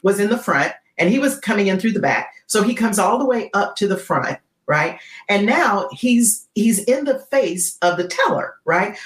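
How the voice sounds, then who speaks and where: A woman guest on a podcast interview, telling a dramatic story in an animated way and often checking in with "right?". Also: medium pitch, moderate pace, few pauses. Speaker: guest, keynote speaker. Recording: roomy echo.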